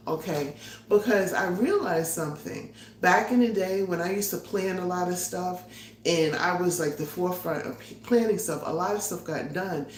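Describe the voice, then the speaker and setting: A chatty, excitable middle-aged woman talks to her live chat while she gets ready to cook, a little out of breath and quick to laugh. Her voice sits on the low side for a woman. The sound is roomy and echoey, recorded from a tripod-mounted camera, with a faint hum underneath. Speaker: vlogger hosting a live cooking stream. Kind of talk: casual live-stream chat. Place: her home kitchen. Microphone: phone or camera on a tripod.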